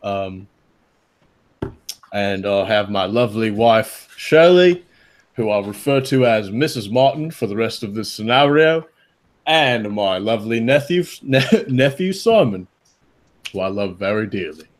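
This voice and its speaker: A man's voice: fairly low pitch, expressive, measured pace. A man voicing a middle-aged male cleaner and stern, doting uncle with a put-on English accent, talking in a lecturing, mock-sentimental way.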